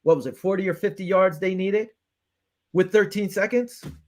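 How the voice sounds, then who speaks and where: A man with a slightly high voice hosts a casual sports talk show. He rants with frustration and acts out his phone calls in quoted back-and-forth. He keeps the energy up as he picks apart the defense. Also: brisk, darkish tone. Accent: Western New York.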